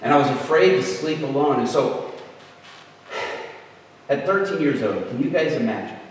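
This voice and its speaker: Animated man preaching in an echoey hall. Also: unhurried, distant mic, slight background noise. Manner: animated storyteller, acts out quotes with big pitch jumps. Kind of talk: storytelling sermon. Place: large hall at an event.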